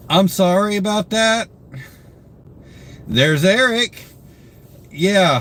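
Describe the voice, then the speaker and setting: A young man chats through his live stream, worn out and yawning, reading viewer comments aloud and greeting them by name. His talk rambles with plenty of fillers, in an everyday mid-pitched voice. A faint hiss sits under the desk-mic recording. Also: fairly bright tone. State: tired, yawning. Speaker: livestream host.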